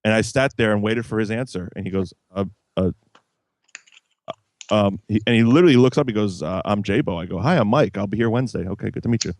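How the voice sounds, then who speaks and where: A man telling stories in a relaxed podcast chat, co-hosting with friends. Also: fairly low pitch, fast. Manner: laid-back storyteller, chuckles often. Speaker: podcast co-host.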